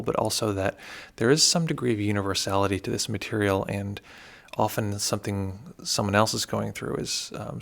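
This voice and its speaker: A man teaching meditation on a livestream, telling a story in a relaxed, thoughtful way with frequent digressions. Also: fairly low pitch, gravelly.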